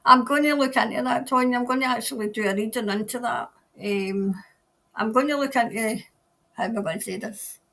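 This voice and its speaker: Her voice is fairly high, gravelly, pushed and bright, and she talks a little fast. Running a casual tarot-reading live stream, she answers viewer comments in a chatty, rambling way, laughing a lot and letting sentences trail off.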